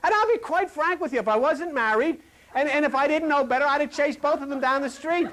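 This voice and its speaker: Preacher guy with a real high voice, telling stories from the pulpit, asks the crowd stuff, drops way down quiet sometimes. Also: a little fast, a little hiss or hum. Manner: folksy storytelling, asks the audience questions; swings between loud and dropping to a low murmur. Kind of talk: sermon. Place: hall before a live congregation.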